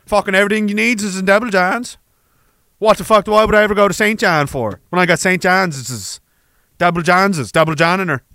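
A man's voice: high-pitched, fairly quick, pushed and bright, no room sound, studio quality. A man voicing a boorish, crude small-town male hockey fan who boasts in drawling slang. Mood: boastful.

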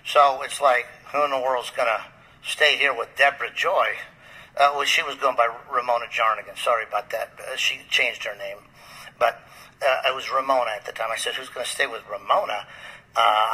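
Male pastor, very bright husky voice, rambling storyteller, lo-fi radio sound. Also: mid-range voice, moderate pace. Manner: rambling, with many fillers and restarts. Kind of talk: storytelling in a podcast interview.

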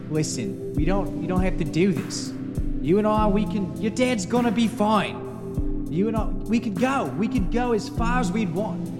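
A man voicing a brooding male ship captain who mutters slowly and mournfully. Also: sits high. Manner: slow, mournful, muttering grumbles. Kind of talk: audio drama acting. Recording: music score playing underneath.

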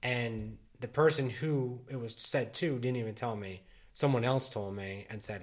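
A man's voice: medium pitch, normal speed. Middle-aged male podcast co-host, rambling, filler-heavy casual delivery. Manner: rambling, many restarts and "like" fillers. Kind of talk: casual chat.

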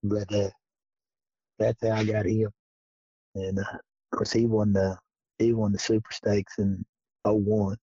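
A man's voice: lowish voice, level tone, a little slow, long pauses, mellow, breathy edge, dry recording. A man telling a rambling, folksy hunting story and acting out what each person said, on a dull lo-fi recording. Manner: folksy, rambling, acts out quoted dialogue. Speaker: guest telling hunting stories. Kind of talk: casual storytelling. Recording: dull lo-fi sound.

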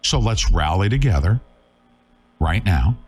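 A man's voice: deep voice, lively intonation, measured pace, husky. A middle-aged man hosting a live talk show, talking urgently and emphatically, scolding his viewers.

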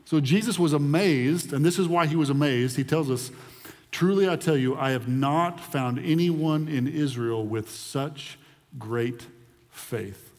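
A man preaching a sermon in an animated way, often repeating words as he builds his point. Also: on the high side, measured pace, big-room sound. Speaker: pastor.

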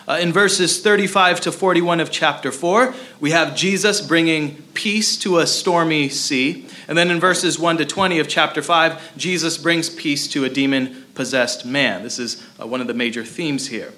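Man, pastor, sermon, slightly high voice, bright and forceful, conversational with fillers. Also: steady tone, moderate pace, hardly any pauses. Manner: conversational preaching with frequent "uh" fillers.

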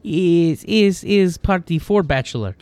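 A man's voice: sits high, expressive, normal speed, no room sound, pitched above the performer's own voice. A man voicing a blunt, jovial man who speaks clipped, broken English. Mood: teasing.

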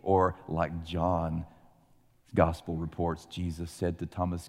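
Animated male preacher in a reverberant hall. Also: sits low, takes it slowly. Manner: animated storytelling, acting out voices. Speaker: pastor. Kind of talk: sermon.

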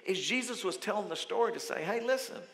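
A male pastor giving a lively, conversational sermon in a church auditorium, acting out quotes as he goes. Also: sits high, fast talker. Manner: lively, conversational preaching with frequent acted quotes. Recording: long hall reverb.

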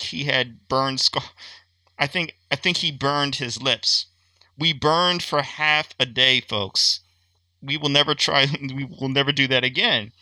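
Very bright-voiced jokey man, dry sound. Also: on the high side, no room sound. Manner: jokey, playful. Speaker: podcast co-host. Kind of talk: casual chat.

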